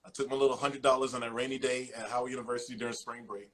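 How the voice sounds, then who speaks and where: A man's voice: mid-range voice, level tone, rapid-fire, a bit bright. A man hosting his show, thanking a guest and reading an emphatic commentary segment. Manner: earnest, emphatic, a bit rambling. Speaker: podcast host. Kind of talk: casual show wrap-up and commentary.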